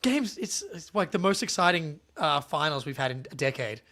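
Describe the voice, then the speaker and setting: A man co-hosting a casual live stream, excitable and laughing often, quick to apologize. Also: fairly high pitch. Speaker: podcast co-host.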